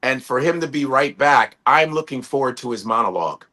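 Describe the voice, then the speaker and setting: A man, a stand-up comedian, telling stories animatedly on a video-call panel and slipping into quick impressions. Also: medium pitch, expressive, bright, forceful tone. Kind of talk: casual panel chat.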